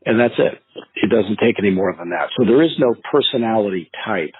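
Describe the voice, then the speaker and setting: Husky-voiced man coaching over a tinny line. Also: fairly low pitch, fairly quick. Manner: animated storyteller, acts out phone calls. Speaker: real estate sales coach. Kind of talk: podcast interview, anecdotal advice. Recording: tinny phone-line sound.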